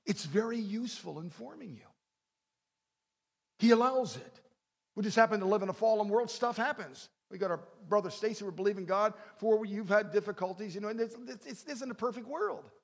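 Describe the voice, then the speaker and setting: A man preaching a sermon, animated, acting out prayers and swinging between loud and soft delivery. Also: high voice. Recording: long hall reverb.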